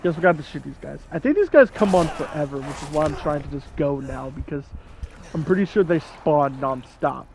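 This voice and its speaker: A man's voice: a little high, lively intonation, brisk, creaky, a little mellow. A young man in his twenties chatting casually over gameplay, rambling and laughing at his own jokes. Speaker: gaming channel host. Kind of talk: casual let's-play commentary.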